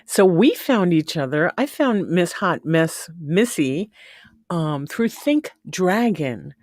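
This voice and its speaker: A woman's voice: on the low side, very animated, slow pace, a little mellow, no echo, studio quality. A woman hosting a casual live stream, chatting affectionately and greeting viewers by name. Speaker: livestream host. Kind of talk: casual livestream chat.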